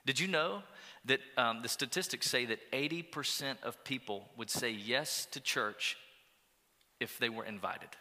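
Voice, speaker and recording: A man preaching a sermon as pastor, energetic and urging, with call-and-response asides to the congregation. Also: medium pitch, measured pace, in a large hall. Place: church auditorium.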